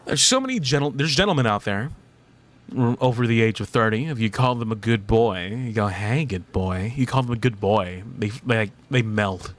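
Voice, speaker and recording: A man's voice: medium pitch, lively intonation, normal speed. A man in his thirties streaming casually, reading chat aloud, playful and teasing, laughing often.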